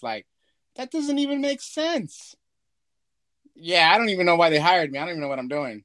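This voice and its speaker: A man in animated, profane podcast banter, acting out imagined conversations. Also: on the high side, moderate pace, pauses often, dry recording. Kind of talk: casual chat.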